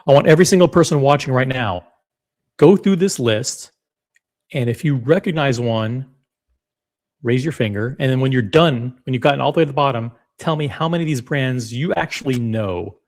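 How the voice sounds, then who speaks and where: A man hosting a reaction video, talking in an animated, rambling and blunt way with casual swearing. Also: medium pitch, moderate pace. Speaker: watch channel host reacting to clips.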